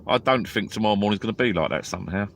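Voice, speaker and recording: A man's voice: on the low side, very fast, creaky, fairly bright tone, slight background noise. A tired man, chatting rambly and drowsily on a live stream from inside a small tent at a lake at night. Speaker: fishing vlogger. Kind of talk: casual live-stream chat.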